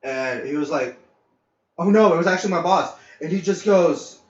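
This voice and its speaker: A man's voice: fairly high pitch, normal speed. A man host telling work stories in a casual podcast chat, swearing and acting out the people he quotes. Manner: animated, swearing, acts out quotes loudly with laughs. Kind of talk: casual storytelling. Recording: echoey, dull lo-fi audio.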